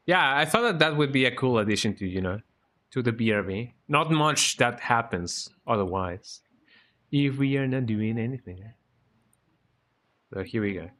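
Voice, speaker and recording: Relaxed man chatting while he streams a game. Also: medium pitch. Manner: relaxed, rambling, tags lines with "eh?". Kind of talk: casual live-stream chat while gaming.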